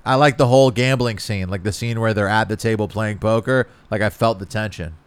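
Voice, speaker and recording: A man's voice: on the low side, fairly even intonation, fairly quick, clean tone. A man co-hosting a podcast in casual chat, laid-back and teasing, laughing easily. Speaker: podcast co-host.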